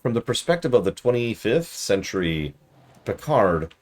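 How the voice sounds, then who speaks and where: A man's voice: lowish voice, very animated, moderate pace. A man streaming a game review in casual commentary, easily exasperated and ranting at the game while chatting with viewers.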